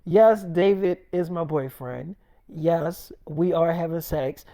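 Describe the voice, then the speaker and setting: A defensive, exasperated young actress is setting the record straight on a livestream, as a man puts her on. The voice sits fairly high and is delivered softly and a little flatly, like someone fed up with the rumors. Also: slow pace. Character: young female actress confirming romance on livestream.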